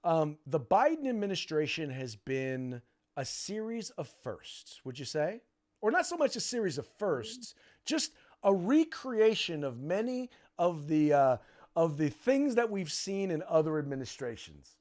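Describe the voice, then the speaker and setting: A male podcast host in casual political talk with a somewhat higher-pitched voice. He speaks emphatically, repeating words and restarting phrases as he works out his point. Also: very animated, measured pace, a little mellow.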